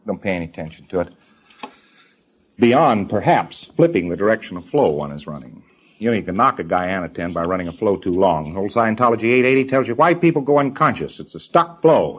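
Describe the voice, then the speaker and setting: A man with a somewhat low voice gives a lecture to trainees, hammering his points home through repetition. He slips into quick mimicry of hesitant speakers along the way. The sound is dull and lo-fi, like an old lecture tape. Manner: emphatic, repeats phrases, mimics hesitant people.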